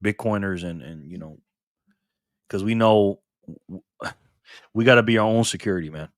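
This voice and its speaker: A man's voice: low-pitched, moderate pace, no echo, studio quality. A man hosting a casual livestream, chuckling as he greets viewers by name and reads out their comments. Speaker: livestream host.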